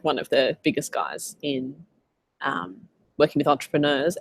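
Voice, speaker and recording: An Australian woman coaching in a casual live Q&A, chatty and animated as she tells stories. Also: low voice. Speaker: business coach.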